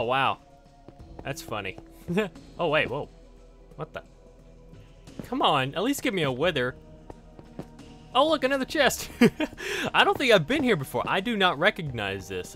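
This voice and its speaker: A man narrates his gameplay straight to his viewers, excitable and quick to exclaim. His voice sits a little high and bright, and his pitch swings widely. Faint game music plays behind him. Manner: excitable, exclaims and laughs often; talks directly to viewers. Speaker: gaming YouTuber. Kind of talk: Let's Play commentary.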